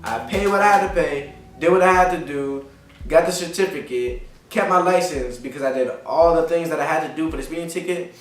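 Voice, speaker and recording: A man's brisk voice sits on the high side as he rants casually for his vlog, venting frustration through lots of swearing and repeating the same points. It's recorded in an echoey room on a distant mic, with faint music in the background.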